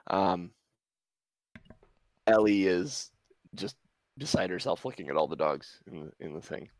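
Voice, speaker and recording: A man running a tabletop game as game master, narrating in a relaxed, halting way with many fillers. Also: low voice, no room sound.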